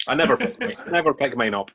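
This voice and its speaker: A man's voice: medium pitch, sing-song, a little fast, fairly bright tone, slight background noise. A man hosting a podcast in casual chat, laughing easily. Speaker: podcast host.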